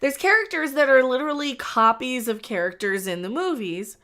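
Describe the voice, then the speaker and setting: A woman with a somewhat high-pitched voice talks casually on her live stream. She rambles, restarts her sentences and gives strong opinions as she reviews. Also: lively intonation, moderate pace, fairly bright tone. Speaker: host.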